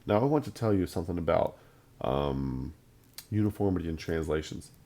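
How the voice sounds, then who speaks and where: A man with a low, mellow voice gives a Bible lesson in a plain conversational way. He leans hard on his points, saying key phrases again and again to drive them home. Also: animated, normal speed, a little hiss or hum. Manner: emphatic, conversational, repeats points for stress. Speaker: Bible teacher.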